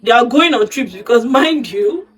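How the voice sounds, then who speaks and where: A woman casually recapping a drama-filled story, gossipy and animated, acting out the quoted lines, recorded from a bit off the mic with faint music behind. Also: a little high, normal speed, breathy edge, distant mic, low-quality recording. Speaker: storytime host.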